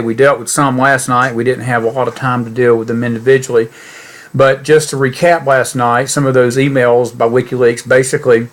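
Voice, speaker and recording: A middle-aged man hosting a political commentary podcast. He talks in a folksy, earnest way that turns indignant, and he speaks to his listeners as folks. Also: medium pitch. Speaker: podcast host.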